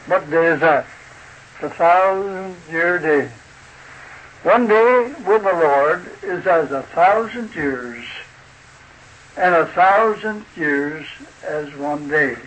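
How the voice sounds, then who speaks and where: A man preaching a sermon in a slow, deliberate, folksy way, asking his listeners rhetorical questions. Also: sits high, fairly bright tone, low-quality recording. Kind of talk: sermon explaining a chart.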